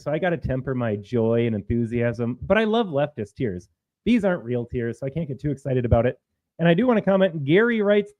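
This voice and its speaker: A man's voice: medium pitch, darkish tone, dry recording, low-quality recording. A man hosting a live-streamed political commentary show, talking combatively and reading out viewer comments. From Minnesota.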